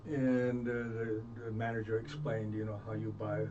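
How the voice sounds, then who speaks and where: A man's voice: on the low side, little pitch movement, dark tone. Man telling stories in a distant, muffled recording. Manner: earnest, halting with many restarts. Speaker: interview guest. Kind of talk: reflective storytelling. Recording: distant muffled mic with faint noise.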